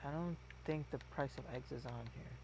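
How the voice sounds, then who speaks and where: A man's voice: mid-range voice, normal speed, background noise. A man streaming a game, chatting casually in a rambling, musing, self-mocking way. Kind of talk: casual gameplay chat.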